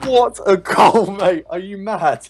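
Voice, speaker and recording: A man's voice: sits high, takes it slowly, gravelly, slight background noise. A young man in his late teens from England, chatting casually and joking as an opponent during a game. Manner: easygoing, joking, excited bursts. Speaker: opponent and fellow YouTuber. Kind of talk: casual chat while gaming.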